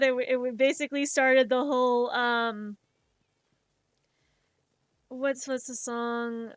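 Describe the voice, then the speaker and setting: A woman streamer chats casually while she works on her art, swearing freely and throwing herself into her stories. Her voice sits a little higher than most, and the close, dry mic leaves no room sound at all. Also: a little slow, clear, resonant tone, no echo. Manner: swears freely, animated retelling with emotional outbursts. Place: home streaming setup.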